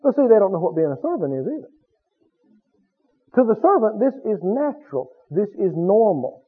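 A high-pitched man preaches a sermon, his voice swinging up and down as he quizzes the congregation and acts out little scenes. His voice is slightly husky, and the recording sounds thin and tinny, like a phone line. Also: normal speed. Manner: animated, questioning the congregation, acting out quotes.

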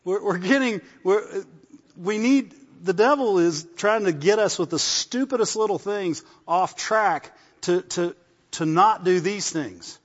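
A touch high-voiced for a man, this pastor speaks to his church congregation in an easygoing, conversational sermon, stopping to call for an "amen" in call-and-response fashion. The audio sounds muffled and echoes with the long reverb of a large hall.

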